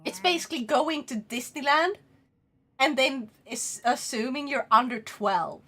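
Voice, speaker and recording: A young woman with a Swedish accent chatting on a live stream, excitable and swearing freely. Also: high voice, measured pace. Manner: excitable, swears freely, loud bursts of laughter. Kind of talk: casual live-stream chat.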